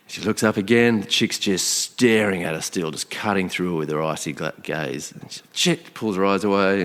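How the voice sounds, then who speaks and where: A man telling a long story in a casual, animated way, acting out the quoted thoughts of the people in it. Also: low-pitched, normal speed. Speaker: podcast guest. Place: outdoor location.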